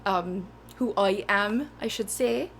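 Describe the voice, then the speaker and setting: A woman jokingly putting on a deliberately bad Irish accent while chatting on her music stream. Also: mid-range voice. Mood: playful. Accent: mock Irish. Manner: joking, exaggerated put-on accent. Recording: loud ukulele music behind the voice.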